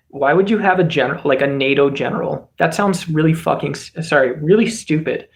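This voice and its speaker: A man from the United States giving casual political commentary as a streamer host, rambling along and often restarting his sentences. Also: fairly high pitch. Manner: rambling, many fillers and restarts.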